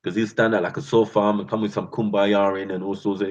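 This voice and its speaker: A man's voice: on the low side, flat delivery, fast, darkish tone, dull audio. A man with a London accent hosting his channel, delivering a passionate rant full of street slang and calling his listeners bruv and fam. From England. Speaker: channel host.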